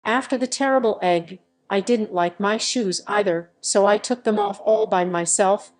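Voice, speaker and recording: A woman hosting a storytime channel, reading a children's picture book aloud with expressive storytelling. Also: mid-range voice, moderate pace, faint music behind. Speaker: storytime host.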